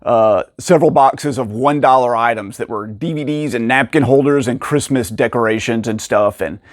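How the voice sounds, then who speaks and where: A man casually telling stories about finding rare video games, acting out the people in them with sudden jumps in pitch and frequent laughs. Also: moderate pace, no echo, studio quality. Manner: animated, acts out quoted dialogue with pitch jumps. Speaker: video game collector and channel host. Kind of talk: casual storytelling to camera.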